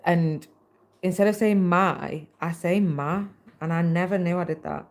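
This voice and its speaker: A woman's voice: lowish voice, fairly even intonation, normal speed, dark tone. A British woman hosting a casual livestream, chatting away and reading viewer comments aloud while she stitches, into a laptop mic. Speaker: livestream host.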